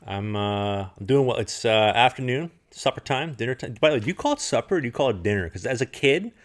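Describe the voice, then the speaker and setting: A man's voice: mid-range voice, animated, fast talker. A man hosting a podcast in casual chat, upbeat and digressive. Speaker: podcast host.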